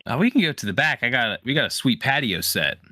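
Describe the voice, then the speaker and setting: A man's voice: mid-range voice, sing-song, fast, pushed and bright, no echo, studio quality. A man playing a tabletop game, talking in a laid-back, hesitant way with lots of fillers. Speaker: player. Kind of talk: casual tabletop role-play.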